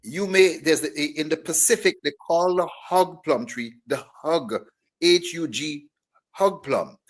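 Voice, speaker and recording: A man talking on a radio show, his speech full of repeated starts as he works out his point. His voice is fairly high for a man. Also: measured pace. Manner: repeats and restarts words, thinking aloud. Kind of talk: discussion on radio.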